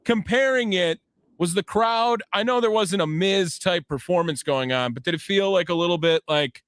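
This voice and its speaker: Speaking into a studio microphone, a man hosts a call-in sports radio show, upbeat and chatty, repeatedly addressing the caller by a nickname. His voice is high-pitched and fairly bright, smooth, at a moderate pace, and the recording is dry.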